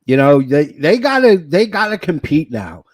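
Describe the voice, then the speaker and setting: A man co-hosting a wrestling podcast in casual chat, excitable and joking, rambling with fillers. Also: a little high, moderate pace, dry recording. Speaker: podcast co-host.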